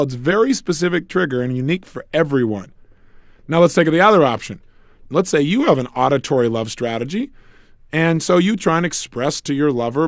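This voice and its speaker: A middle-aged man with a slightly high voice, recorded in clean, echo-free studio sound, delivers an emphatic motivational self-help lecture. He poses rhetorical questions and acts out snippets of dialogue.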